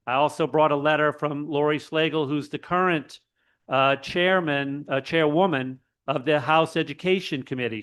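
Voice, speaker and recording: A man giving earnest public testimony at a hearing, halting and full of restarts. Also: a little high, a bit bright, clear, resonant tone. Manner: earnest, halting, with many restarts, turns emotional. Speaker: public commenter, state legislator.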